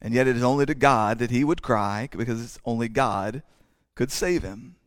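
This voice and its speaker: A pastor with a drawl preaches in an easy, conversational way, slowing down for dramatic pauses and now and then tripping over a word and starting again. His voice sits at an ordinary man's pitch. It is recorded close and dry, with no room echo. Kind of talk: sermon.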